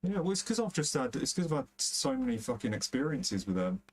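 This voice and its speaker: A man's voice: mid-range voice, very animated, a little fast, breathy edge. A young man with a London-area accent, chatting casually and rambling on a game stream, swearing freely and using plenty of fillers. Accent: London area English. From England. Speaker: gaming streamer. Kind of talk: casual chat while streaming a football game.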